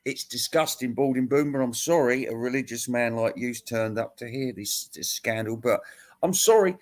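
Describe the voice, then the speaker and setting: A man's voice: mid-range voice, moderate pace. A man hosting a rambling comic monologue, ranting crudely and laughing at his own jokes. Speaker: host answering viewer questions.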